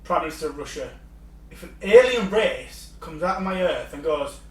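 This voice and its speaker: A man co-hosting a casual podcast, blunt and sweary, quick to launch into a rant. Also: fairly high pitch, lively intonation, darkish tone. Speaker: podcast co-host. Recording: roomy, distant mic, faint hum.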